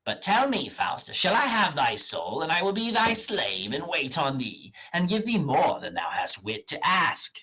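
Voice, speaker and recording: A man reading aloud the part of a cunning male devil who tempts and serves, delivered slowly and deliberately. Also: on the high side, big pitch swings, bright, forceful tone, husky, highs cut off, pitched above the performer's own voice, full character voice. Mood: tempting. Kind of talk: dramatic reading of a play.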